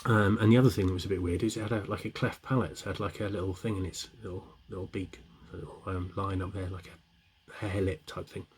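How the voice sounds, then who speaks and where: A man's voice: deep voice, fairly even intonation, fast, few pauses, a little hiss or hum. A middle-aged man telling long shaggy-dog jokes in a rambling way, with many restarts. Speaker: joke teller.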